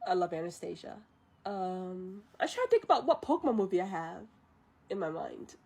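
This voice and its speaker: A woman vtuber retelling a movie on a live stream, chatty and animated with frequent laughs. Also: lowish voice, normal speed, slightly rough.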